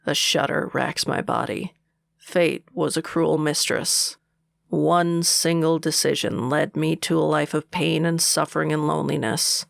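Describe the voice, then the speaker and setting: A man narrating a romance audiobook in the first person, with a steady, unhurried delivery and a gravelly voice. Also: fairly high pitch, dry recording, studio quality.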